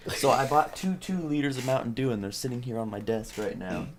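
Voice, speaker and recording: A man's voice: mid-range voice, animated, fairly quick, a little hiss or hum. A young man cracking dry, offhand jokes on a casual home podcast. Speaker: podcast co-host. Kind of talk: casual chat. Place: home desk.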